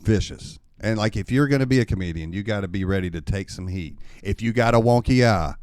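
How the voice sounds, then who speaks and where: A man with a lowish voice spins animated, swear-laced stories as a comedian on a podcast. He is recorded close and dry in a studio. His delivery is loose and conversational. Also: fairly quick, dry recording. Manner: animated, profane storyteller. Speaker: comedian and open mic host. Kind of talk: casual podcast storytelling.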